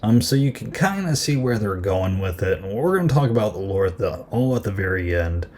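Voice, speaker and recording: A man hosting a podcast, casually recapping a horror film with lots of fillers and quick acted-out quotes. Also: on the low side, animated, darkish tone, a little hiss or hum. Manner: chatty, many fillers, acts out quoted lines in quick voices. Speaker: podcast host.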